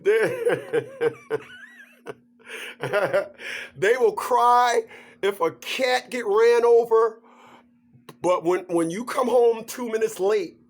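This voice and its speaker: A man with a high voice delivers a comic rant to his viewers, unhurried and drawn out. He jokes, laughs along at his own points and talks with lively energy. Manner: animated, joking, laughs through his points. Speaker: vlogger. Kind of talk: comedic rant to camera.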